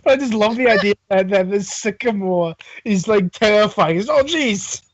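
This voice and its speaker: A woman's voice: mid-range voice, moderate pace, dry recording, lo-fi sound. A woman playing a tabletop game on a stream, chatting casually and laughing often. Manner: giggly, excitable, laughs often.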